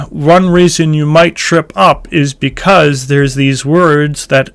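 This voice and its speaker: Male chant teacher, casual explainer, smooth resonant tone, slightly high voice, sings short examples. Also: fairly even intonation, takes it slowly, a bit bright, soft background music. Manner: explains thoughtfully, breaks into chanted phrases. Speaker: church music teacher. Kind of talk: casual instructional talk with sung examples.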